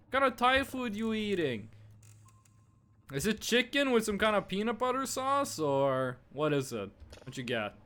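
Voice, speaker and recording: A man's voice: high-pitched, fairly bright tone. A young man streaming a game, chatting playfully with his chat and teasing them while he plays.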